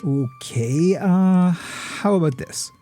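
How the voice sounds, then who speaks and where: A man hosting a gaming video, giving measured, somewhat pretentious scripted narration. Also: high voice, warm tone, soft background music. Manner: measured, lofty, a little pretentious.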